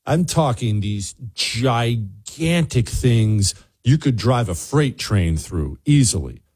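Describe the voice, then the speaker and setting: Husky-voiced man telling a story. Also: mid-range voice, takes it slowly. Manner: animated, digressive storyteller. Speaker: radio show host. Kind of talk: anecdotal talk show storytelling.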